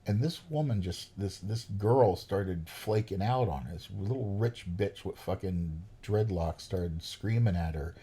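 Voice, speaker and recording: A man's voice: low voice, lively intonation, unhurried, few pauses, mellow, breathy edge. A man, a podcast guest telling stories in a profane, ranting way. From New York. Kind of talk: storytelling chat.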